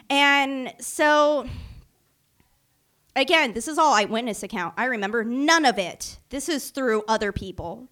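Lively high-voiced young woman telling a story. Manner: animated, self-mocking, acts out other people's voices. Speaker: vlogger. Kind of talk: storytime anecdote.

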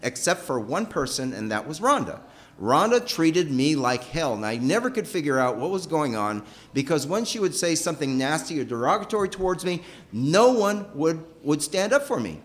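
A middle-aged man telling a personal story with emotion. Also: moderate pace. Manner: emotional, animated, pitch rising and falling sharply.

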